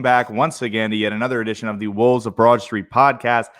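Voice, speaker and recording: A man's voice: on the low side, little pitch movement, fast talker, fairly bright tone. A man hosting a casual sports podcast in an upbeat, chatty way. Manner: upbeat, chatty, hums a jingle. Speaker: podcast host.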